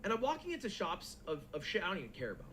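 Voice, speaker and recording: A young man telling a long, animated story in casual, profane chat as a stream co-host. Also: sits high, very fast, a little hiss or hum. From United States.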